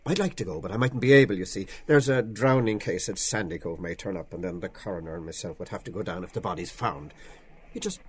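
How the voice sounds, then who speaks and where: An actor playing an affable, chatty acquaintance with a casual, slightly ingratiating manner. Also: male voice, deep voice, quick pace, husky.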